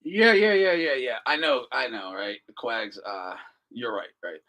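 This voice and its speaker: A man's voice: mid-range voice, unhurried, sharp tone. A man hosting a casual live commentary stream, profane and mocking, laughing often. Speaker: host.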